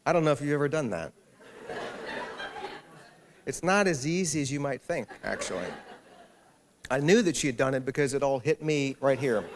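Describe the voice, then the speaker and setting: A man's voice: mid-range voice, lively intonation, normal speed, pauses often, slight background noise. A man, an author, giving a talk to a library audience and telling a funny anecdote. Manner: storytelling with humor. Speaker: author speaking at a library event. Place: public library hall.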